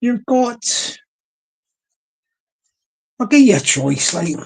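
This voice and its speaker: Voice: medium pitch, sing-song, drawn-out words, creaky, breathy edge. A live-stream host, chatting casually to a small online audience in a rambling way, often restarting sentences.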